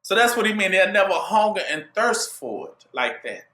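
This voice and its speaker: High, lively, bright-voiced preacher man. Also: normal speed, echoey room. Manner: animated call-and-response preaching with rhetorical questions. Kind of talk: sermon.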